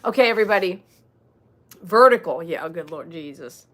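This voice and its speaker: On a livestream, a middle-aged dog groomer from Texas talks casually with viewers, reads comments aloud, and cracks jokes with laughter. Her lowish voice is animated and brisk, and there's a slight hiss or hum on the recording.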